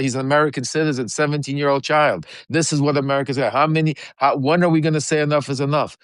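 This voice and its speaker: A man's voice: fairly high pitch, steady tone, fast talker, hardly any pauses, smooth, dry recording, clean studio sound. A man hosting a political livestream, talking urgently and rallying his viewers with repeated questions. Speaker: livestream host. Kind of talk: impassioned political talk.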